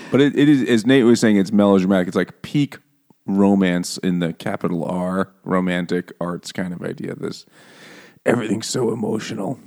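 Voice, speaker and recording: A man's voice: low-pitched, a little slow, pauses often, darkish tone. A man chatting casually about a book, joking and laughing often. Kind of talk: casual book-club chat.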